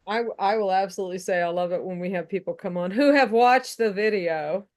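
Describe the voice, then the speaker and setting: A woman's voice: medium pitch, fairly quick, darkish tone. A woman co-hosting a casual political podcast, talking frankly and bluntly, often restarting her sentences. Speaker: podcast co-host.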